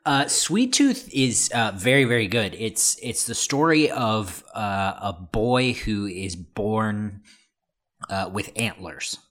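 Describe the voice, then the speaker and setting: A man's voice: on the low side, lively intonation, takes it slowly, fairly bright tone. A man from the United States, co-hosting a casual chat, talking hesitantly with many fillers. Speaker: co-host.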